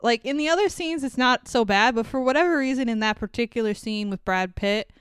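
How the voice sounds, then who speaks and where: Woman, podcast co-host, casual movie chat, swears a lot, very smooth clear voice, dry close sound. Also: a little high, a little fast, dry recording. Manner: chatty, swears freely, laughs often.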